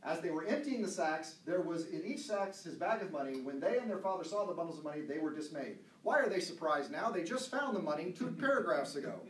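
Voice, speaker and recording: Talking fairly quickly with few pauses and lively intonation, a man with a higher voice runs a loose, chatty Bible study and reads scripture aloud. He is far from the mic in a church room, so there's roomy echo, faint ambience, and slight background noise.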